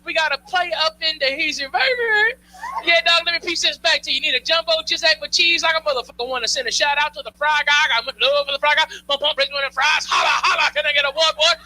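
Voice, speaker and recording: A man's voice: very high-pitched, pushed and bright, exaggerated voice, poor audio. A man doing a brash slangy drive-thru guy. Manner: slangy, rapid-fire. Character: brash street-talking male drive-thru worker.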